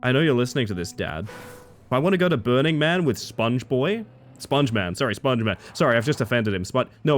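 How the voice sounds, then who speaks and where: A man's voice: medium pitch, lively intonation, brisk, soft background music. A man live-streaming a racing game, chatting casually and riffing playfully on his viewers' comments. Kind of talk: casual live-stream chat while playing.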